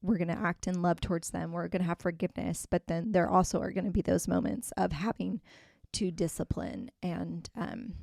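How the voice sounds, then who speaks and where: A woman's voice: fairly low pitch, level tone, brisk, vocal fry, a little mellow, dry recording, clean studio sound. A woman co-hosting a faith podcast, talking casually and earnestly with many fillers and restarts. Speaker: podcast co-host.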